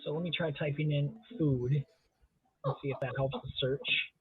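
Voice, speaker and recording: Husky man on a tinny line. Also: fairly high pitch, unhurried, no echo, faint music behind. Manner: playful, jokey, deadpan exaggeration. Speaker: co-host of a live drawing stream. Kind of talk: casual chat. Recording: tinny phone-like sound.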